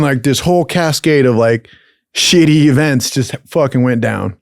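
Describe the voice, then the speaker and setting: Dude telling a wild story, swears constantly, laughs a lot, dry close sound. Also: male voice, mid-range voice, moderate pace, gravelly, no room sound. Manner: profane, rambling, laughing often. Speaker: storyteller host. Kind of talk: casual storytelling.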